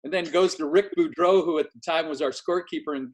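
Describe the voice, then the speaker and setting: A man hosting a casual interview over a video call, telling stories in an animated way and acting out what people said. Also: fairly high pitch, fast talker. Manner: animated storyteller, acts out quotes. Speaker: podcast host and former game announcer.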